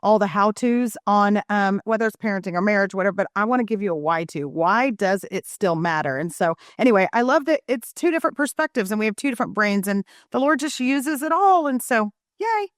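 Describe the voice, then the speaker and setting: A middle-aged woman, a guest author, telling animated stories in a podcast interview and acting out family scenes. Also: mid-range voice, fairly quick, hardly any pauses, no echo, clean studio sound.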